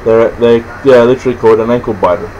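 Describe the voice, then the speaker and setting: This is an Australian man with an ordinary mid-range voice, explaining things off the cuff. He halts often, restarting sentences and filling pauses as he goes. His talk stays loose and rambling, never scripted. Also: medium pitch, darkish tone, lo-fi sound, slight background noise. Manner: halting, rambling, many restarts and fillers. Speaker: presenter explaining slang. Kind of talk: casual unscripted explanation to camera.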